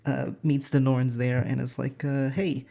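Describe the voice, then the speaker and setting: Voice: mid-range voice, level tone, moderate pace, creaky, mellow. A casual, irreverent storyteller retelling an old saga with a rambling, joking manner. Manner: irreverent, rambling, with fillers and swearing.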